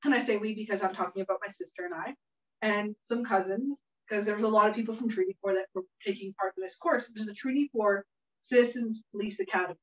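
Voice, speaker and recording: A woman's voice: medium pitch, fast talker. A woman hosting a cooking workshop, telling a funny story in a chatty way and laughing often. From Canada. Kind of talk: casual storytelling while cooking. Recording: echoey room, mic at a distance, dull sound.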